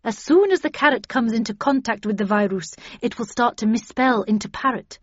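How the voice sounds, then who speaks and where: A woman reader voices a seasoned woman field agent who barks her orders briskly and takes charge. Her voice rises higher and louder than the narration. The audio is dry, with a slightly muffled top. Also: no echo, natural voice. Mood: firm.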